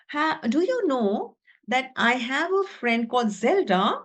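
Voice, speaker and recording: Woman teacher presenting a webinar: animated, expressive storyteller, slow and higher-pitched. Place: her own room at home.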